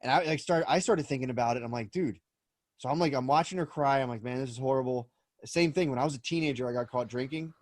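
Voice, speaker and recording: A man's voice: medium pitch, fast talker, a little mellow, dry recording. A man co-hosting a podcast over a remote call, telling rambling stories with lots of swearing and restarts. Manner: rambling storyteller, swears a lot, frequent restarts. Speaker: podcast co-host. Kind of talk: casual chat. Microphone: remote call mic.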